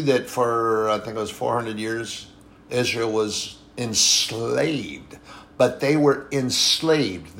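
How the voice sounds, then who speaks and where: A man with a gravelly, fry-edged voice delivers a sermon in a loose, conversational manner. He circles back on his points, repeating phrases for emphasis, and stops now and then to correct himself. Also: mid-range voice, a bit bright. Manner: conversational, repetitive and emphatic, with frequent restarts and apologies. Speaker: preacher.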